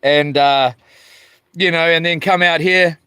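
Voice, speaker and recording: A man's voice: fairly high pitch, fairly even intonation, measured pace, pushed and bright, smooth, dry recording, clean studio sound. A man with a New Zealand accent chatting casually on a live stream from a small boat outdoors, slangy and laid-back as he reads viewer comments aloud. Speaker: livestreaming fisherman.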